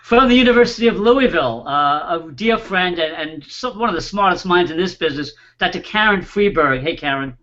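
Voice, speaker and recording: A man hosting an online panel show, warmly introducing his guests and filling pauses with small "uh"s. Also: sits high, animated, muffled recording. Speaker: host.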